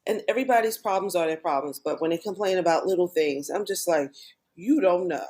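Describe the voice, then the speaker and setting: A middle-aged woman talks candidly and earnestly as a guest on a podcast. Her voice sits a little low, and she often acts out remembered conversations in quick quoted bursts. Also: darkish tone.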